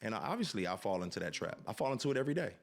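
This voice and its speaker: A man on a podcast earnestly reflects on authenticity and tells personal stories in an animated way. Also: lowish voice, rapid-fire. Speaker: podcast guest. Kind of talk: reflective storytelling.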